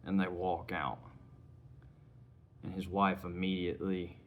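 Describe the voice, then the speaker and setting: A man's voice: deep voice, level tone, measured pace, narrow, tinny audio. A man giving a casual spoken film review, retelling scenes in a conversational way. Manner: retells scenes conversationally, acting out lines in passing.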